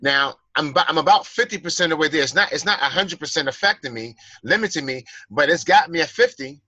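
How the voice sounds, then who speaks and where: A man's voice: fairly high pitch, expressive, fairly quick, bright, forceful tone, no echo, rough recording. A man speaking as a guest in a personal development class, earnestly coaching listeners and rephrasing his points. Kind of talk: motivational talk.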